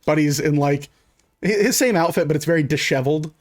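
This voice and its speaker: A man's voice: fairly high pitch, a little fast. A man narrating as game master in a loose, rambling way full of fillers.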